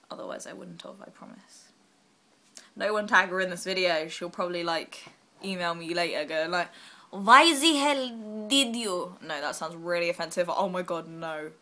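A young woman vlogging casually while she is unwell, rambling and self-deprecating with quick asides. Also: on the low side, sharp tone. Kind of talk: casual vlog chat.

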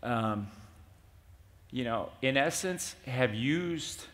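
An older man, a company CEO, speaking at a conference fireside chat and telling animated stories with acted-out dialogue. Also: mid-range voice, very slow. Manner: animated storyteller, acts out quoted dialogue. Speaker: CEO being interviewed. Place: conference stage.

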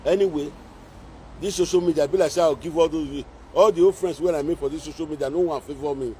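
Over slight background noise, a man rants on a social media live video in Nigerian Pidgin English, mocking and scolding repetitively. He's a fast talker with a fairly high pitch and a dark tone.

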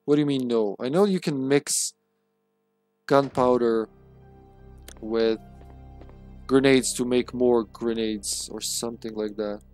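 A man's voice: mid-range voice, slow, pauses often, darkish tone, faint music behind. A man streams a horror game live and comments as he plays. He jokes and throws in sarcastic asides. He talks back to his viewers in a casual way. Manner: joking, sarcastic, chatting with viewers.

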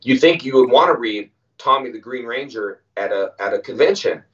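A man as an interview guest, telling stories casually and acting out quoted lines with animated voices. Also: medium pitch, normal speed. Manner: animated, acts out quoted dialogue. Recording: distant, muffled audio.

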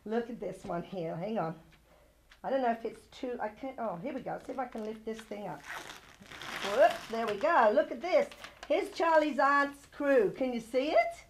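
A woman's voice: animated, normal speed. Effusive, gushing woman TV host. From not from Santa Barbara. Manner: effusive and gushing, high-spirited sign-offs. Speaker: TV show host. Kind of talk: chatty local TV hosting.

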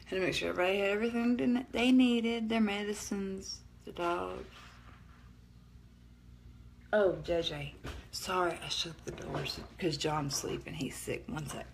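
A woman's voice: mid-range voice, normal speed, gravelly, a little hiss or hum. A middle-aged woman with a northeast Alabama Southern accent, chatting casually on a live stream from home, rambling and cutting herself off, laughing often. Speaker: livestream host. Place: at home at night.

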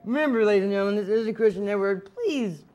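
Excitable, jokey wrestling show host man. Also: high-pitched, quick pace, dull audio. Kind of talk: comedic wrestling talk show. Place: outdoors in woods.

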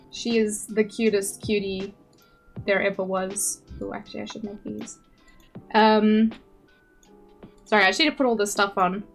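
A young woman streaming from home, chatting casually with viewers in a bubbly, self-deprecating, giggly way. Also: medium pitch. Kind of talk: casual live-stream chat.

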